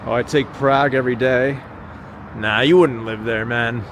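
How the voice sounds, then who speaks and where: A man's voice: medium pitch, steady tone, moderate pace. A man hosting a casual walking livestream at night outdoors, rambling and chatting with viewers as he walks. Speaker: livestream host. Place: city streets at night, outdoors. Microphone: small handheld gimbal camera. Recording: street noise from passing traffic. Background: traffic and street ambience.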